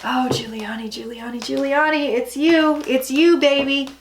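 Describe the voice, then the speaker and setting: Woman psychic, high voice, chatty and theatrical delivery for a tarot reading vlog. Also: fairly even intonation, noisy background. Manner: chatty, dramatic, with sudden loud asides and drawn-out phrases.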